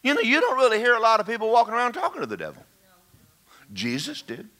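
Animated preacher, bright voice. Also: male voice, very high-pitched, fast talker. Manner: animated, emphatic, calls out to the congregation. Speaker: pastor. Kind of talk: sermon.

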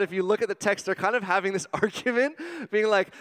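A man preaching a sermon as a youth pastor, animated and joking, swinging between loud exclamations and hushed asides. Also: high-pitched, normal speed, smooth. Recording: long reverb of a hall.

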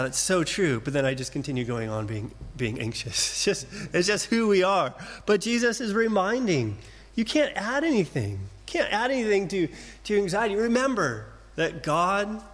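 Reassuring preacher, slightly high voice. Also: male voice, big pitch swings. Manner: gentle, reassuring, with slow deliberate pauses and repeated phrases. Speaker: pastor. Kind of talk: sermon. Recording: long hall reverb.

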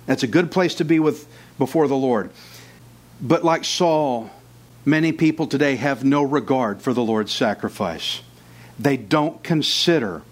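A man preaching a sermon with fervor, who acts out his listeners' doubts in short quotes. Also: medium pitch.

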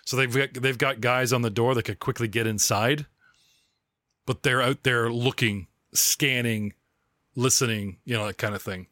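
A man's voice: medium pitch, fairly even intonation, normal speed, bright, forceful tone, dry recording, studio quality. A man hosting a podcast as game master, describing scenes in a chatty, rambling way. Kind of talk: running a tabletop game.

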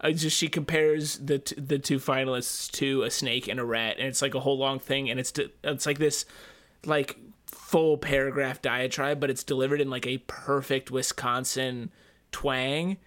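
A man's voice: medium pitch, little pitch movement, normal speed, a bit bright. A man co-hosting a podcast in casual chat, telling stories animatedly and laughing often. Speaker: podcast co-host.

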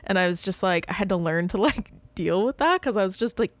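A woman in her thirties co-hosting a relaxed podcast chat, her talk loose and rambling, peppered with "like" and little bursts of laughter. Her voice sits at an ordinary middle pitch for a woman, and the sound is dry and close, with no room echo. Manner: bubbly, rambling, full of "like" and quick laughs. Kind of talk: casual chat.

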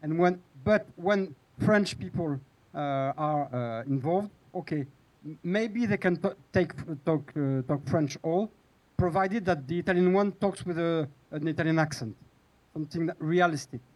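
A man who writes for TV, speaking on a panel in a halting, hesitant way with many restarts. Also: a little high, a little mellow, rough recording. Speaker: TV screenwriter on a panel.

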